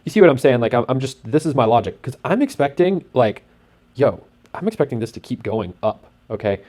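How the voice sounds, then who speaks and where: Rambling, excitable man with a mellow voice. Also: medium pitch, brisk. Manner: rambling and excitable, heavy on fillers; acts out sound effects and his own thoughts. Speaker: host. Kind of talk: casual walkthrough narration over a screen.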